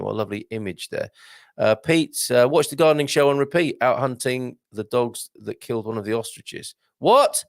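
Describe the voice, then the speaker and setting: A man hosts a live online show, reading out viewer messages and reacting with quick exclamations. His pitch swings widely, and his voice sits close and dry with no room sound. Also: vocal fry, dry recording. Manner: chatty, reads out comments with lively exclamations. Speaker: host. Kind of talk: live-stream chat reading viewer comments.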